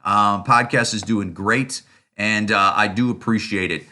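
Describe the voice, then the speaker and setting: A man talks alone into his podcast mic, blunt and profane. His voice is bright and forceful, his speech full of "uh", "like" and restarts. He keeps hammering the same rhetorical questions. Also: on the low side, fairly even intonation. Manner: rapid, rising rhetorical questions. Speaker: podcast host. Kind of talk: solo opinion rant.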